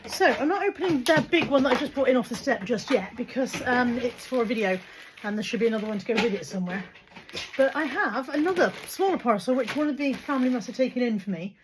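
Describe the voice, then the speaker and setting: Talking fast with lively intonation and a fairly high pitch, this woman vlogs casually to camera from a car and later her home. She rambles and chats, poking fun at herself. The audio is dull and has clear background noise.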